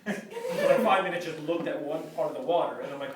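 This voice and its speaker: A man's voice: on the high side, animated, fast talker, few pauses. A man telling a comic story in a casual way, acting out the quotes and laughing through his lines. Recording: echoey room, distant mic, loud noise.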